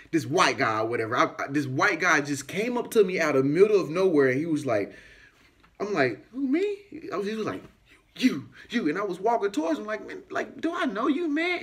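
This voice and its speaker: Speaking directly to his viewers, a YouTuber with a somewhat high voice spins a rambling story. He's loose and casual, animated, packing in fillers and constantly slipping into other people's voices to act the tale out.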